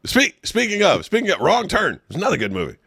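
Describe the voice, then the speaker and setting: A young man telling crude stories on a comedy podcast, his voice swinging up and down in pitch as he goes. The tone is bright and forward. He cusses freely and laughs at his own jokes, recorded close on a dry studio mic. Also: fast, creaky, breathy edge, no echo. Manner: animated storyteller, swears a lot, breaks into laughs. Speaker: podcast co-host.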